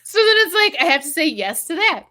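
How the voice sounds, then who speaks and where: Bright, lively woman telling a story. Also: very high-pitched. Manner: animated storytelling with quick asides. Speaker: podcast host. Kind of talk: casual chat.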